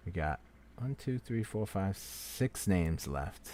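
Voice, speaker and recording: Male live-stream host, very low voice, calls names loudly, then drops to quiet asides. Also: expressive, slow pace. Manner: apologetic, repeating "so sorry, my friend" to each name; swings between loud call-outs and quiet asides. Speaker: livestream host running a giveaway. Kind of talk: casual live-stream commentary.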